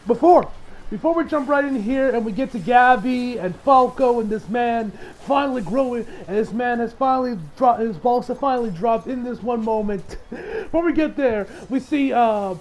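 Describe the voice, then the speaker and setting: A man's voice: extremely high pitch, moderate pace, a little hiss or hum, low-quality recording. A man recapping an anime episode as a reviewer, in a loose, rambling way that swears freely and acts out the lines of the characters.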